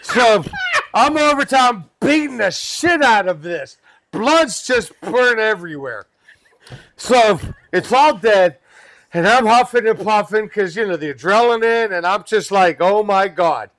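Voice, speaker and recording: Lively high-voiced man telling a wild story. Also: moderate pace, dry recording. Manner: lively, swears freely, laughs through his story. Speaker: podcast guest; pest control worker. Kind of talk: animated storytelling.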